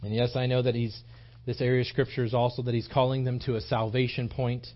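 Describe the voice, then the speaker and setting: The muffled recording captures a man preaching in a small church, his mid-range voice quick-paced and flat. As a pastor he is earnest and emphatic, circling back with repetition and many restarts while developing his argument.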